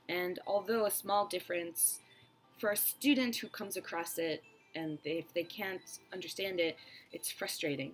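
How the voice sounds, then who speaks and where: A woman teacher reviewing a children's book, explaining slowly and carefully and then reading a passage aloud. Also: lowish voice, rough recording. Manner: friendly, explanatory, slow and careful.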